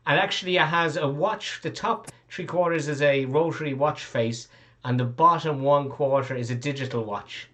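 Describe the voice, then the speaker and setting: Rambling game master. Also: male voice, a little high, moderate pace, fairly bright tone. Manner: rambling storyteller, many fillers. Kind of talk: narrating a tabletop game.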